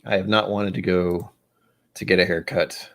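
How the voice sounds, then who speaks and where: A man hosting a relaxed livestream, talking in a fairly low voice. He rambles good-naturedly and pokes fun at himself, often dropping to a mutter as he talks to himself. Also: moderate pace, creaky. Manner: rambling and self-deprecating, muttering asides to himself. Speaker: livestream host. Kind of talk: casual livestream chat.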